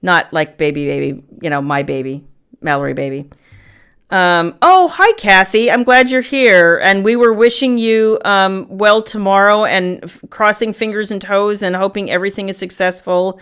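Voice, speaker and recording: A middle-aged woman hosts a relaxed livestream from home, chatting and welcoming viewers by name. Her voice is smooth and clear at a middle pitch, and her talk is loose and friendly with plenty of fillers. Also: moderate pace. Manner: chatty, greets viewers by name, frequent ums. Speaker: livestream host. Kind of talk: casual livestream chat. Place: home family room.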